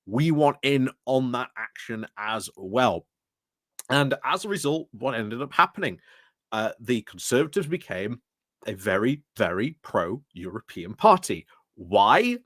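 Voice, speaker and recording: A man's voice: mid-range voice, sing-song, unhurried, a bit bright, no room sound, studio quality. Rambling man commentating. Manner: rambling, many fillers and restarts. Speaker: political commentary channel host. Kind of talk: casual explanatory commentary.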